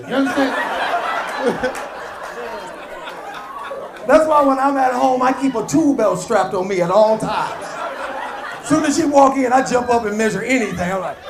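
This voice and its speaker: A man doing a stand-up set, telling family stories with animated delivery and acting out quarrels. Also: very high voice, noisy background. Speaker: stand-up comedian. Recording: live club set with audience laughter.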